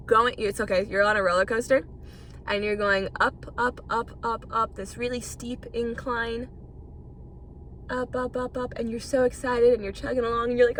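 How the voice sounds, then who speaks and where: A young woman hosting a casual solo podcast, talking in a loose, rambling way and swearing freely. Her voice is bright and edgy and sits slightly high. A faint background noise runs under the recording. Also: fairly even intonation, normal speed. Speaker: podcast host.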